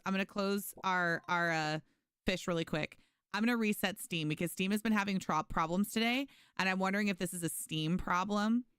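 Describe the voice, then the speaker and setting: A woman's voice: medium pitch, a bit bright, smooth, no echo, clean studio sound. A woman streaming a game live, chatting casually with viewers and thanking them by name. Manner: frequent restarts and fillers. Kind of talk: casual live gameplay commentary.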